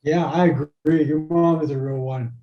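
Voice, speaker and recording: A man's voice: on the high side, steady tone, moderate pace. A man co-hosting a podcast, joking in a mock-formal way during casual chat. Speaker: podcast co-host. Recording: dull lo-fi sound.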